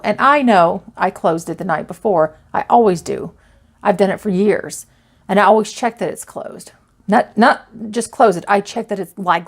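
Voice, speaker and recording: Woman vlogger, mid-range voice, nervously recounting her own haunting, halting delivery. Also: mid-range voice. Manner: anxious, halting, with many restarts and fillers. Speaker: storyteller. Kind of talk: personal ghost story told to camera.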